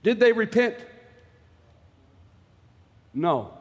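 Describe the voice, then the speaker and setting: A man preaching a fiery sermon, impassioned and pleading, rising at times to shouts. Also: high-pitched, very animated, drawn-out words, big-room sound.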